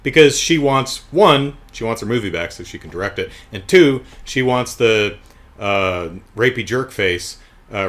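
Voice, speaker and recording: A man's voice: fairly low pitch, expressive, normal speed, a bit bright. A man giving a casual, jokey TV review, retelling the plot with sarcastic asides.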